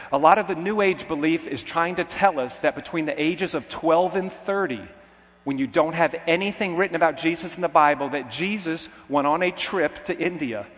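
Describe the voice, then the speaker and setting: A man's voice: on the high side, fairly bright tone, long reverb tail. A man preaching a sermon to young people, emphatic and putting questions straight to his listeners.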